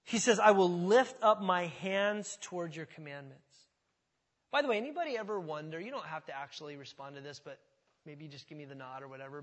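Guy preaching in church, talks to the crowd like a friend, lots of reverb. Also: fairly high pitch. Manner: conversational, asks the congregation questions. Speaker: pastor. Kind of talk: sermon. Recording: hall reverb.

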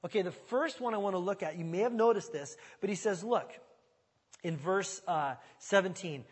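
Husky high-voiced preacher in a hall. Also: male voice, moderate pace. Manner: animated, conversational, emphatic. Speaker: pastor. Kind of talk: expository sermon.

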